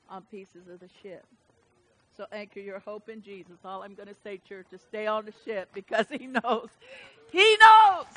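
A woman pastor with a fairly high-pitched voice preaches a sermon at a church service, swinging from loud, emphatic calls to soft, hushed lines.

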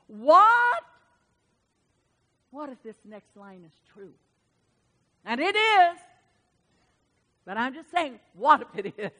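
A woman preacher delivers a sermon with passion and emphasis, her voice pitched high and bright. She swings from quiet asides to loud, fervent exclamations. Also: big pitch swings, unhurried, pauses often. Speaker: preacher to women.

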